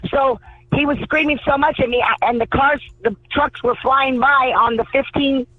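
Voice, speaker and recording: A woman's voice: sits high, steady tone, moderate pace, dry recording. A woman calling in to a radio show, telling a story emphatically and repeating words for stress. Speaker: caller. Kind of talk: call-in storytelling. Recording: tinny phone line.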